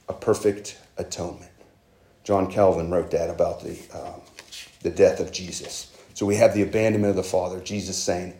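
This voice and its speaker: A man's voice: low-pitched, flat delivery, moderate pace, mellow, echoey room. A man preaching a sermon as pastor, earnest and conversational, with emphatic rises.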